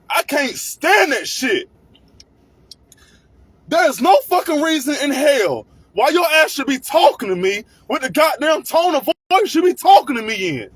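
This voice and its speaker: A man hosting a crude, profane comedic rant, often breaking into shouting. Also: very high-pitched, dry recording. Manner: crude, swearing, bursts into shouting.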